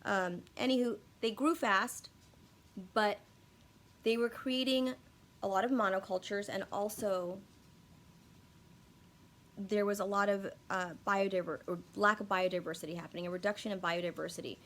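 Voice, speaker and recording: A woman's voice: mid-range voice, steady tone, normal speed, pauses often, fairly bright tone. A young woman talking casually to her viewers in a rambling, profane, self-deprecating way, often losing her words and restarting. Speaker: YouTube commentator. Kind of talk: casual unscripted video monologue.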